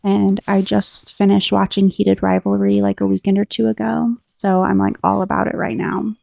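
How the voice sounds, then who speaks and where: Woman, American accent, relaxed rambling game commentary, very fry-heavy, dry close sound. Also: mid-range voice, normal speed, dry recording. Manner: chatty, rambling, reads game text aloud. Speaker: gameplay commentator.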